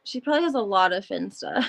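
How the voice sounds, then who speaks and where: A woman's voice: mid-range voice, expressive, a little fast, vocal fry. A woman hosting a casual podcast chat, an encouraging listener who turns hesitant when she explains. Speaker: podcast host.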